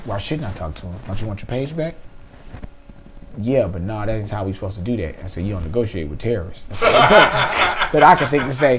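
A man's voice: fairly low pitch, sing-song, fairly quick, noisy background. A man hosting a podcast, telling a comic story and acting out both sides of a phone call. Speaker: podcast host. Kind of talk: comedic storytelling.

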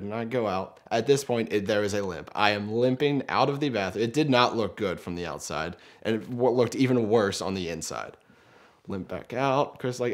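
A man's voice: fairly low pitch, moderate pace. Man telling a funny mishap story. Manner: animated, self-mocking, acts out quoted lines. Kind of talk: casual storytelling.

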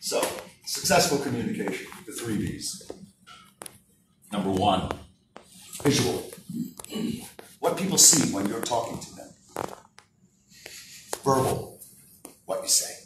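A man leading a live public speaking workshop, very animated and moving from soft talk to shouting. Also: medium pitch, slow pace, long pauses, noisy background. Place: workshop room with an audience. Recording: roomy sound from a distance, faint ambience.

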